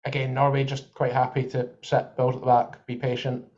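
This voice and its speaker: A man's voice: medium pitch, monotone, a little fast, a little mellow, lo-fi sound. A man co-hosting a podcast, chatting about football and thinking aloud with examples. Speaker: podcast co-host. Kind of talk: live football watchalong chat.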